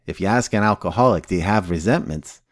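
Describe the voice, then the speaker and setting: A man's voice: sits low, fast talker, dry recording, studio quality, lightly acted. A man voicing Sober Patty, a blunt, foul-mouthed woman who sponsors people in recovery and teaches the steps casually with constant swearing. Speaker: recovery step instructor.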